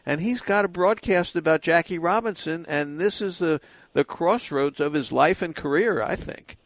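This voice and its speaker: Older male host from Brooklyn, higher voice, dry studio sound, nostalgic storyteller. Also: moderate pace, no echo. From Brooklyn, New York. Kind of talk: casual radio interview.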